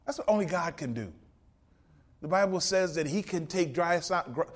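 A man preaching a rousing sermon, swinging from loud peaks to hushed passages and quoting scripture in old King James wording. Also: fairly high pitch, animated, normal speed.

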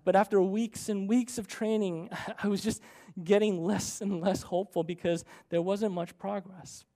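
A man's voice: sits high, darkish tone. A man in his thirties, a pastor telling a personal story in a sermon, earnest and conversational, often checking in with "right?".

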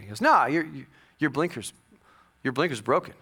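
A male pastor preaching a sermon, telling a personal story with humor and bursts of loud excitement. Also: a little high, a little fast, breathy edge. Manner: animated storytelling with jokes and sudden loud bursts.

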